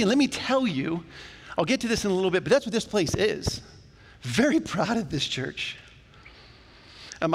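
A male pastor preaching a sermon in a church, talking to the congregation in a conversational, animated way with jokes along the way. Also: sits high. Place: church sanctuary. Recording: long reverb of a church hall.

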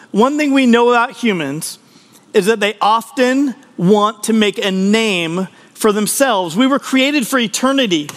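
A man with a very high voice preaches a conversational podcast sermon. He sounds earnest and personal and often restarts mid-sentence. A long reverb trails behind every phrase. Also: a bit bright. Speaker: pastor.

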